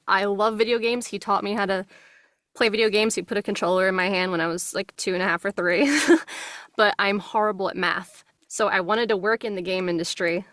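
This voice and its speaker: A young voice actress with a faint New Jersey accent, talking in a relaxed, friendly way as an interview guest and laughing easily. She records in a small closet studio at home on a good microphone, and the sound is very dry and close. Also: medium pitch, no echo. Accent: subtle New Jersey. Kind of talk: casual interview chat.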